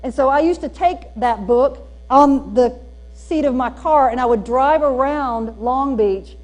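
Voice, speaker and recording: A woman with a Southern US accent giving a storytelling keynote at a teacher training, folksy and animated with emphatic punchlines. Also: high voice, unhurried. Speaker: speaker at a teacher training day. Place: church hall used for a school district training.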